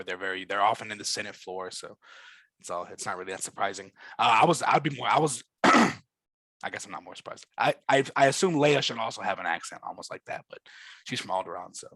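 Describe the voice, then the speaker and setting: A man's voice: on the low side, bright, forceful tone, dry recording. A man from Georgia in the US, co-hosting a casual review chat, explaining lore with eager, nerdy enthusiasm and frequent restarts. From Georgia, USA. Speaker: co-host, reviewer.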